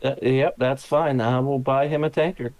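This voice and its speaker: A man's voice: mid-range voice, fairly even intonation, normal speed, darkish tone. A man playing a tabletop game, talking in a laid-back way, with stammering restarts and casual swearing. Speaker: player. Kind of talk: casual tabletop role-play.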